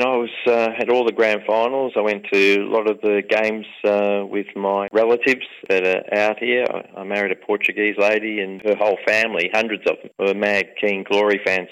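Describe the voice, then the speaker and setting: Middle-aged Australian-accented club owner, fairly low-pitched, relaxed and rambling, heard in a radio interview. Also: male voice, clear, resonant tone, dull audio. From England. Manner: relaxed, rambling, many fillers. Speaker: football club owner and mining businessman. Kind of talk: conversational interview.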